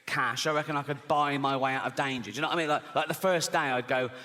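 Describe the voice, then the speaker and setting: Talking fast in a steady, medium-pitched voice that's pushed and bright, a sixty-something Englishman does stand-up. His conversational stories come with frequent "right?" asides, captured live in a large, reverberant theater full of laughing audience.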